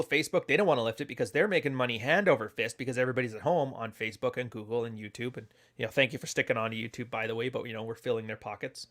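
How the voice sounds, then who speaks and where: A man hosting a casual livestream, telling a story in a blunt, profane way. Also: mid-range voice. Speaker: commentary host.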